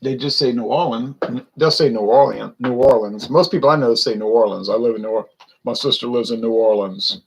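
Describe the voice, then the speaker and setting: A man's voice: medium pitch, brisk, vocal fry, a little hiss or hum, low-quality recording. A man from Louisiana giving a casual, rambling beer review to viewers in a wry, self-correcting way. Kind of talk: casual solo livestream chat.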